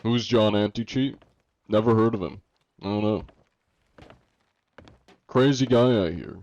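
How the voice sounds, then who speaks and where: A young American man from the United States streams a game, reading chat aloud and answering with jokes in a casual way. His voice is lowish, measured and a little mellow, with no room sound, though the stream audio is dull and lo-fi.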